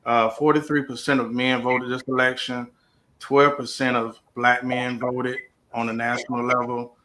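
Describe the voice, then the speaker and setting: A man hosting a podcast panel, giving his view in measured terms and handing the floor to others. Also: mid-range voice, flat delivery, pushed and bright, a little hiss or hum. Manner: measured, directs the discussion. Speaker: podcast host. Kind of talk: panel discussion moderating.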